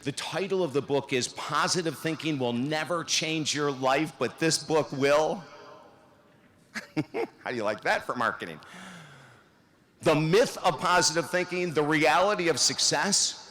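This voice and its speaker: A man's voice: fairly high pitch, moderate pace. Man giving a motivational speech. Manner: storytelling, dramatic swings from upbeat to hushed. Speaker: commencement speaker. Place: large hall.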